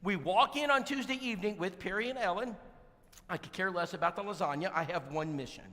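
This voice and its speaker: A man giving a storytelling sermon, animated and acting out the dialogue. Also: high-pitched, fairly quick. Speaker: church speaker. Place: church sanctuary. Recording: echoey church hall.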